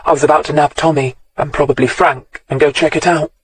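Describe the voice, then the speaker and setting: A man doing a brisk woman detective inspector. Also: on the high side, fairly even intonation, slightly rough, no echo. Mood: casual. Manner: brisk, businesslike.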